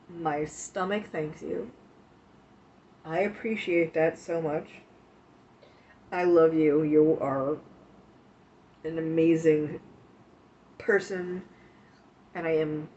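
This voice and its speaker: A woman streamer chatting casually with her viewers, emotional and tearful at times, talking in slow, halting bits with many pauses. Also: deep voice, darkish tone. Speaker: live streamer. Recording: dull lo-fi stream audio with faint hiss.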